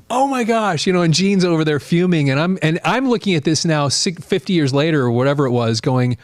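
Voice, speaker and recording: Speaking a little fast in a voice that sits high, a man in his late fifties hosts a live stream, rambling animatedly through viewer comments. The studio-quality audio has no room sound.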